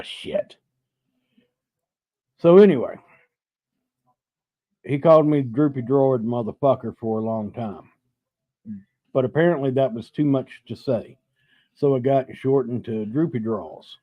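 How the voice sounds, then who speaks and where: A man's voice: mid-range voice, measured pace, pauses often, no room sound. A middle-aged man hosting a live stream, telling a story in a laid-back, rambling, profane way while having drinks. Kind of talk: casual storytelling chat over drinks. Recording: dull, dry lo-fi sound.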